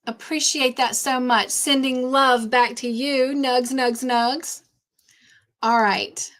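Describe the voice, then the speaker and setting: A woman's voice: high voice, fairly even intonation, takes it slowly. Bubbly woman hosting a live stream. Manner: warm, effusive greetings to chat viewers, easily sidetracked. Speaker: livestream host. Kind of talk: casual live-stream chat.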